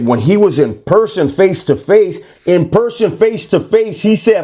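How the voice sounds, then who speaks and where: A man's voice: high voice, animated, normal speed, hardly any pauses, warm tone. A middle-aged man, talking bluntly and confrontationally in a casual monologue. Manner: blunt, confrontational street talk. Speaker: commentator.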